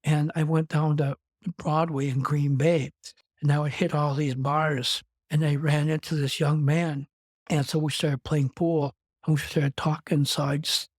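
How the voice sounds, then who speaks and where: Flat, dry-voiced man telling his story. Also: on the high side, a little slow, dry recording. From Wisconsin, USA. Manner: rambling, conversational, strings clauses with "and". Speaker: interview guest. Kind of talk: personal storytelling in an interview.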